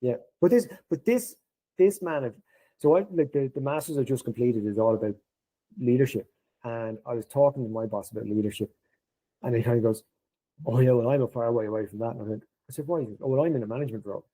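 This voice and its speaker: A middle-aged man chatting as a podcast guest, his voice very dark and husky. He tells his stories lively, jumping up in pitch whenever he plays out someone's lines. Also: fast, rough recording. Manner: animated, acts out quoted dialogue in a raised voice. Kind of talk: casual storytelling conversation.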